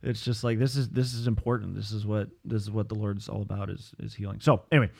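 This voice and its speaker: A man's voice: lowish voice, level tone, quick pace, vocal fry, darkish tone. A man in his thirties, a pastor and podcast host, talking in a rambling, upbeat way with lots of fillers and restarts. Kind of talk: casual chat.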